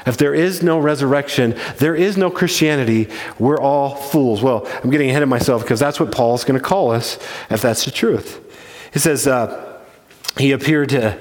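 Man preaching in a reverberant hall. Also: a little high. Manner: emphatic, slows down to stress key points. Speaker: pastor. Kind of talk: sermon. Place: church.

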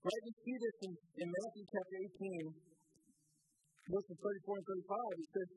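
A man's voice: high-pitched, a little fast, a little mellow, a little hiss or hum, rough recording. A man preaching a sermon as a pastor, speaking earnestly and often repeating words as he restarts phrases.

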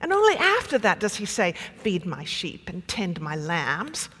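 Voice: mid-range voice, huge pitch swings, a little slow, pushed and bright, husky, full character voice. Preacher doing bubbly south african church lady voice, pushy questions, big echo. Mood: earnest, insistent. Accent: attempted South African. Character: exuberant hospitable female parishioner.

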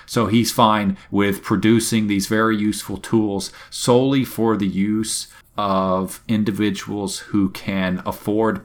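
A man hosting a podcast, recapping a video game in casual, wry and opinionated chat. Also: deep voice. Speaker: podcast host.

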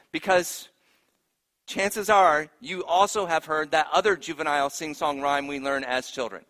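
A man preaching a sermon, swinging from hushed, grave lines to loud, emphatic ones. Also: on the high side, measured pace, long reverb tail. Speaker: pastor.

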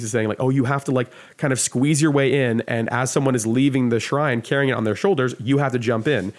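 Rambling man telling a story, heavy fillers. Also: mid-range voice. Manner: rambling, lots of "like" fillers, swears casually. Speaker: podcast guest. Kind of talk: casual storytelling.

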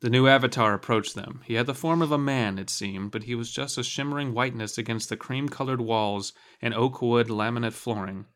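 A man's voice: mid-range voice, fairly quick, hardly any pauses, fairly bright tone. A man co-hosting a read-aloud show, joking and laughing easily between passages. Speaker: co-host and reader. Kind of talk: casual banter while reading a novel aloud.

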